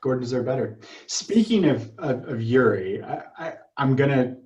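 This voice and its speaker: Man rambling about a movie, lots of "like"s, average pitch, muffled lo-fi audio. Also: sing-song, darkish tone, echoey room. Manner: chatty, quick, lots of fillers. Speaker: podcast host. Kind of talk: casual film review chat.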